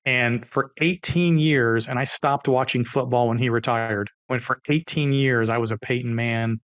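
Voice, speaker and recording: A middle-aged man, a guest on an interview podcast, telling stories in an energetic, animated way and acting out the dialogue. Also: medium pitch, normal speed, no echo. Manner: energetic, animated storyteller who acts out dialogue. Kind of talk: interview storytelling.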